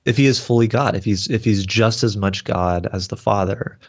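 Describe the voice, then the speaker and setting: A man's voice: on the low side, normal speed, breathy edge. A man talking as a guest in a casual theology discussion, earnest and loose, with many fillers. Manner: earnest, lots of "like" and "you know".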